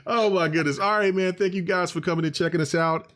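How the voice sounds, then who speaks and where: A man's voice: sits high, fairly even intonation, quick pace, a bit bright. A man hosting a gaming podcast in loose, rambling casual chat, full of filler phrases. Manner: loose and rambling, full of "you know what I'm saying". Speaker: podcast host.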